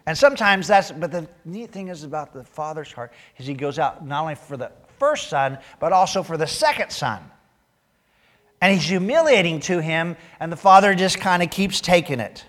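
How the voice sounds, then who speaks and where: A man's voice: a little high, expressive, moderate pace, fairly bright tone. A male pastor preaching a sermon in a church, talking conversationally and tossing joking asides to the congregation.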